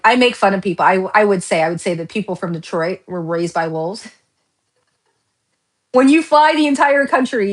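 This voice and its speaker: Woman, tarot reader, chatty, excitable, rambling, quick laughs. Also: medium pitch. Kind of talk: casual pick-a-card tarot reading.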